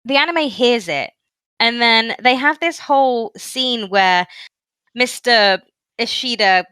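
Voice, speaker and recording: A woman's voice: a little high, animated, slow pace, sharp tone, clear, resonant tone, dry recording. A Scottish woman co-hosting a fan podcast, chatty and detailed as she explains things, laughing often. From Scotland. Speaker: podcast co-host. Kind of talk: casual chat.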